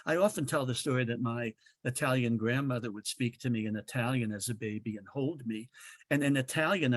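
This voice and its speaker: A man giving an earnest, animated webinar presentation about young children, speaking over a video call with frequent restarts. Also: mid-range voice, no echo.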